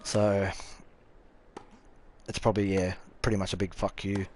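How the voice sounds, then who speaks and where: A young Australian man with a fairly low voice talks casually through a live game stream. He is offhand and sweary, and he answers viewers' comments as they roll in. A faint hum of room noise sits under his voice. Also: level tone, measured pace, darkish tone. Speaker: gaming streamer.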